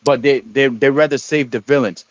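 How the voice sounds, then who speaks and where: A man co-hosting a stream, chatting casually in a rambling, halting way and often repeating words. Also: medium pitch, no echo, lo-fi sound. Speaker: stream co-host. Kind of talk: casual chat.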